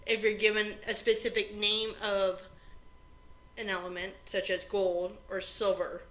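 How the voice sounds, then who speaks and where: A woman's voice: medium pitch, little pitch movement, unhurried, a bit bright, rough recording. A woman teaching chemistry, walking through an exam review step by step in a plain conversational way. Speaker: chemistry instructor. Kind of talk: recorded exam review lecture.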